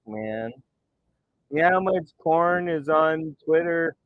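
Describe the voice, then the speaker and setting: Profane ranting man, slow and smooth. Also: fairly high pitch, expressive, no echo. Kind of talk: ranting commentary over screenshots. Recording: dull lo-fi dry sound.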